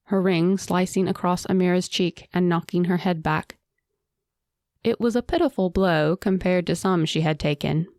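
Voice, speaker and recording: A woman narrating a fantasy audiobook in a measured, dramatic storytelling manner. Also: fairly low pitch, warm tone, no echo, studio quality.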